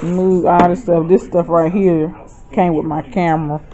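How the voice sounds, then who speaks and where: A woman's voice: lowish voice, unhurried, highs cut off. Chatty woman vlogging a haul. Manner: chatty, excitable, keeps addressing viewers as y'all. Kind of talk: casual haul vlog. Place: home.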